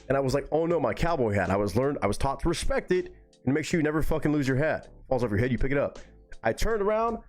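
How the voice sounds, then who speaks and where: A man on a live stream telling a story in a relaxed, rambling way, swearing freely. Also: mid-range voice. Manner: relaxed, rambling and heavily profane.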